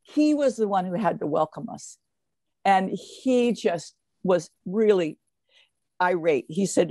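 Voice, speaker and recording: An older woman, a guest in an interview, telling stories in a lively way with many fillers and restarts. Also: lowish voice, measured pace, no room sound. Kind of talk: casual interview storytelling.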